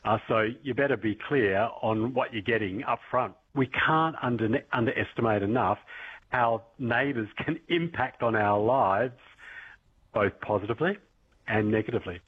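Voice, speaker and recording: A man interviewed over the phone, explaining his views in a measured way. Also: mid-range voice, breathy edge. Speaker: interviewed guest. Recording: phone line.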